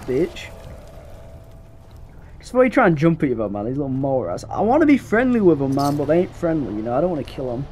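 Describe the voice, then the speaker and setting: A young man talks through a game in casual, slang-heavy banter. His pitch is lively and rises and falls a lot. He breaks into excitable bursts, and the game's sounds run clearly behind him. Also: very noisy. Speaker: gameplay commentator. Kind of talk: casual let's-play commentary.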